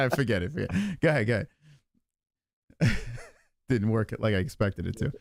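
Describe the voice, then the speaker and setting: A man in his forties hosts a live stream in loose, rambling chat, swearing freely and speaking from the heart. His pitch swings widely from line to line. The sound is dry and close. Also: sing-song, a little slow, gravelly, a bit bright, dry recording. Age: 40s. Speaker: stream host.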